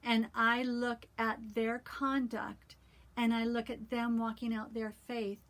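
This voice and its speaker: Woman, stitching vlogger, earnest and heartfelt, slightly high voice, reads scripture aloud. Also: level tone, fairly bright tone. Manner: earnest, heartfelt, many "um" pauses. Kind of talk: casual talk with scripture reading.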